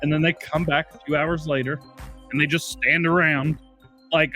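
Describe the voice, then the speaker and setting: Man, casual chat, joking anecdote, bright voice, faint music behind. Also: a little high, steady tone, normal speed, pauses often. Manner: joking, storytelling asides.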